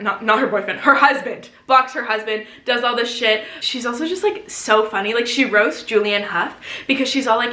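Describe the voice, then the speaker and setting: A bright, forceful young woman talks in a chatty, playful way, with plenty of fillers as she runs through her favorites. Her voice sits a little high and rings in an echoey room. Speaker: vlogger. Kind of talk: casual chat.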